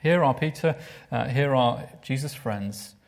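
A man preaching a sermon, expressive and asking his listeners questions, sometimes dropping to a hushed voice. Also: mid-range voice, a little slow, gravelly. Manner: expressive, drops to a hushed voice for emphasis; asks the listeners rhetorical questions.

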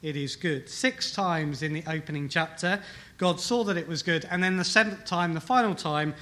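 A man preaching a sermon with a bright, forceful voice set a little high. He leans on key phrases and repeats them. He often asks the room rhetorical questions. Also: moderate pace. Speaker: pastor. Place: church hall with congregation.

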